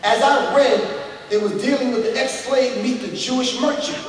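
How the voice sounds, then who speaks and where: A man's voice: very high voice, normal speed. A middle-aged man giving a fiery, preacher-like lecture, speaking straight to the crowd. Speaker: speaker addressing an audience. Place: large hall with an audience. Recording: echoey hall, voice picked up from far off.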